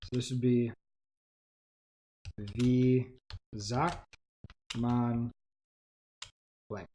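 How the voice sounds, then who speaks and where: A man's voice: mid-range voice, little pitch movement, very slow, dark tone, slight background noise. A man on a casual livestream, teaching himself a language, sounding out words hesitantly and thinking aloud. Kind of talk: casual self-study livestream.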